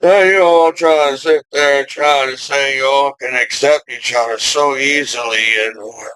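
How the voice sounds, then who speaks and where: A man in his forties from the United States, talking slowly in a rambling vlog monologue full of "you know" fillers, with sudden loud outbursts. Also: medium pitch, fairly even intonation, clear, resonant tone, no echo, poor audio. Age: 40s. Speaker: vlogger.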